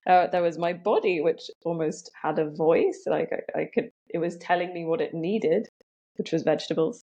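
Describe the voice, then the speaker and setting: A young woman tells a personal story as a podcast guest. Her voice sits low and carries a gravelly fry. She talks in a reflective way, with many "um"s and "like"s. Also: normal speed, dark tone, lo-fi sound.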